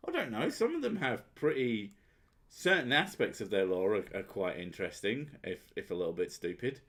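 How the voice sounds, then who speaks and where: A man's voice: fairly low pitch, big pitch swings, normal speed, a bit bright. A man hosting a casual chat, sweary and sardonic, often laughing at his own jokes. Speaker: podcast host.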